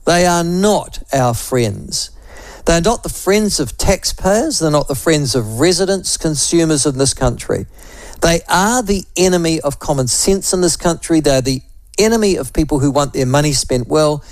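A man's voice: on the high side, lively intonation, normal speed, no room sound. A man with a New Zealand accent hosting talk radio, giving sarcastic, combative political commentary with rambling asides into a studio microphone.

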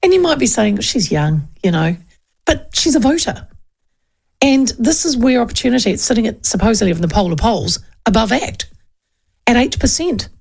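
Talk radio host, New Zealand woman in her fifties, gravelly fry in the voice, chatty and rambling. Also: a little high, sing-song, moderate pace, a little mellow. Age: 50s. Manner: chatty, rambling, with frequent ums and asides. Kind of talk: casual political talk.

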